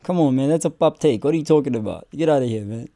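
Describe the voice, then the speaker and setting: A man's voice: mid-range voice, animated, brisk, mellow, no room sound, clean studio sound. A young man, hosting a casual reaction stream and cursing and joking as he talks back at clips.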